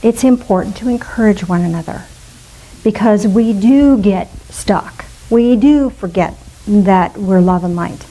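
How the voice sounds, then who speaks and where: A woman's voice: medium pitch, unhurried, mellow, poor audio. A middle-aged woman minister giving a spiritual talk to a congregation, playful and musing aloud with asides.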